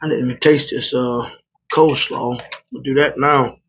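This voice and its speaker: A man's voice: mid-range voice, fairly even intonation, normal speed, fairly bright tone, breathy edge. A man, a truck driver, chatting casually and rambling through stories while he eats in a hotel room. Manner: rambling, colloquial, loose. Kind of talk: casual storytelling while eating. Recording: slightly muffled lo-fi audio.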